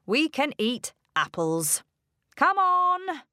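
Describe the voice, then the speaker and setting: A woman voicing a calm, resourceful father in a storybook, with a slow, careful read-aloud delivery. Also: high-pitched, no room sound, studio quality, voice pushed up, full character voice.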